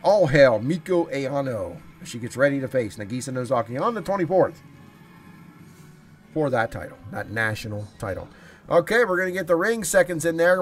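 A man doing solo wrestling commentary over a streamed show, enthusiastic and chatty, talking straight to his viewers. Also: on the high side.

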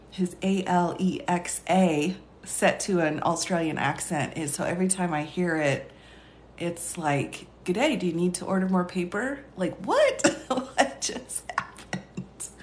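A woman's voice: medium pitch, a little mellow, a little hiss or hum. A woman hosting a live stream takes her time and chats easily, laughing often as she reads viewer comments and answers them like a teacher. Her voice sits in a middle range, and the room gives it a noticeably roomy echo.

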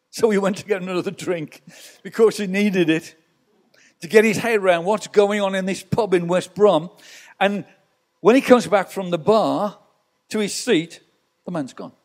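A man's voice: sits high, darkish tone. A male pastor preaching a sermon in church, telling stories with rhetorical asides to the congregation.

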